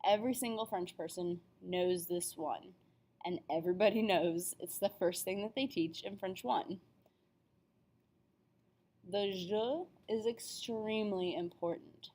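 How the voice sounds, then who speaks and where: A young adult woman talks through a beginner language lesson. She sounds upbeat and is careful over every vowel. She speaks at a middle pitch. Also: unhurried, mellow. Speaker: French teacher. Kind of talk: classroom lesson video.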